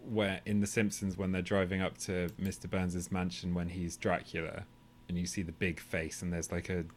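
A man's voice: low-pitched, flat delivery, moderate pace, slight background noise. A man co-hosting a podcast, talking casually in long rambling, tangential stretches with the odd swear. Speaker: podcast co-host. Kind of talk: casual chat.

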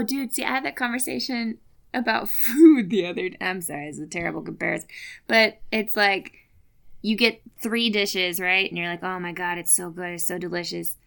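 A woman's voice: a little high, gravelly, fairly bright tone. A woman talking casually on a podcast, playful and laughing often, swearing freely. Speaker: podcast guest. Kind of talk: casual chat.

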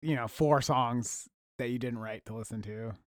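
A man's voice: medium pitch, moderate pace, no echo, studio quality. Joking man in casual podcast chat. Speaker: podcast co-host.

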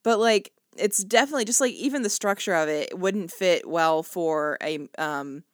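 A woman's voice: lowish voice, normal speed, no echo, studio quality. A young woman co-hosting a podcast, chatting casually and animatedly with lots of fillers. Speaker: podcast co-host. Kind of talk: casual chat.

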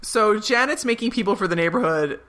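A woman co-hosting a podcast, recapping an episode in casual chat and quoting the characters in quick put-on voices. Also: medium pitch, lively intonation, a bit bright. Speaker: podcast co-host.

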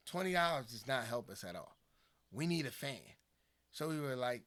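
A man from the Philadelphia area talks casually on a podcast, telling stories and acting out what others said. His voice is bright and forceful, and he sits mid-pitch for a man. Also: moderate pace. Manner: animated storytelling, acts out quoted people. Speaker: podcast co-host. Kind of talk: casual conversation.

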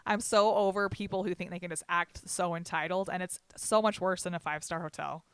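A young woman co-hosting a podcast, venting bluntly with lots of swearing and telling animated stories between laughs. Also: lowish voice, a little fast, smooth, dry recording. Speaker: podcast co-host. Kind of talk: casual chat.

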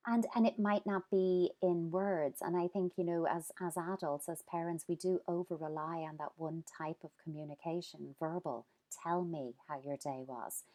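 A woman's voice: lowish voice, steady tone, moderate pace, few pauses, dark tone. A woman giving earnest parenting advice in a conversation, acting out examples as she goes. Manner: earnest, explains with quoted examples. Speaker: parenting expert guest.

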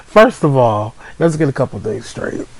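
A man's voice: medium pitch, big pitch swings, normal speed, vocal fry, low-quality recording. A man appearing as a podcast guest, teasing and correcting the host in casual chat.

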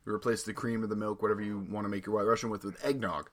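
A man's voice: lowish voice, little pitch movement, very fast. A man co-hosting a casual snack review podcast, talking in a laid-back, rambling way with lots of fillers. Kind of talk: casual chat.

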